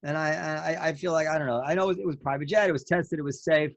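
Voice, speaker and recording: Male podcast co-host, slightly higher voice, halting chat, dry close mic. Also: steady tone, creaky, dry recording, muffled recording. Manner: halting, many restarts.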